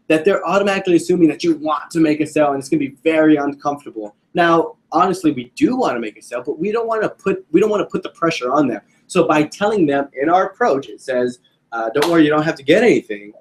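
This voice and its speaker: A young man giving a casual sales training talk to a group, joking and quizzing his listeners. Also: a little high. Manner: casual, joking, addresses audience with questions.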